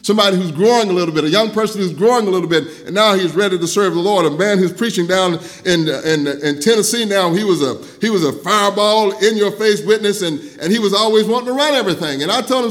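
An older pastor moves at a quick pace with few pauses as he preaches, sharing personal stories. Quoted talk comes out soft and low, while his preaching swells loud.

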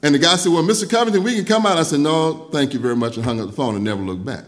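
An older pastor preaches a sermon at a very fast pace, telling personal stories. He drops soft and low when quoting others and rises loud when he preaches.

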